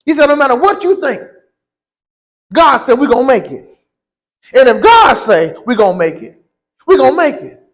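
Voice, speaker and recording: A man preaching a sermon, reading scripture and then building to slow, emphatic shouted lines. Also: extremely high pitch, big pitch swings, low-quality recording.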